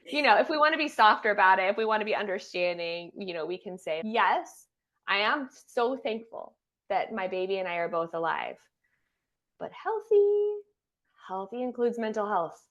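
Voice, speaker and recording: Earnest, expressive woman therapist. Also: mid-range voice, a little fast, lo-fi sound. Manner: earnest and expressive, acting out quoted voices. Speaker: guest, trauma therapist and doula. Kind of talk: casual podcast interview.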